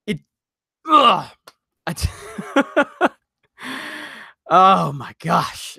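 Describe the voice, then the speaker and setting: A man hosting a live stream, ranting loudly in exasperation and reading viewer messages. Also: sits high, big pitch swings, gravelly, breathy edge, no echo, clean studio sound. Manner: exasperated, loud, rapid rants.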